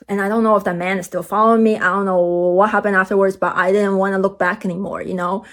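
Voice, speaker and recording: A young woman telling a long storytime vlog, rambling with many "like"s and restarts, and getting animated at the exciting parts. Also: quick pace. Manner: animated, jumps high when excited. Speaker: vlogger.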